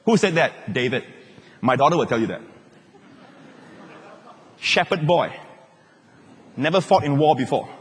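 A pastor preaching a sermon, joking with the congregation and acting out quotes. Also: male voice, a little high, measured pace, pauses often, breathy edge. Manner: animated, joking, acts out quotes. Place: large church hall. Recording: long reverb of a large hall.

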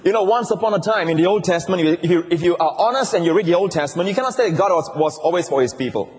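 A man's voice: sits high, animated, very fast. A male pastor preaching a sermon, leading his congregation in call-and-response and stressing words with emphasis. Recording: long reverb of a large hall.

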